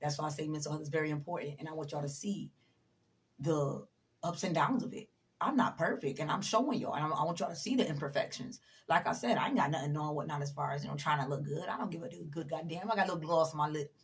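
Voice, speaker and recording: A woman's voice: sits low, fast talker. A woman giving a casual motivational talk to camera in a blunt, emphatic way, swearing freely and preaching straight at the viewer, a little tired. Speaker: motivational vlogger.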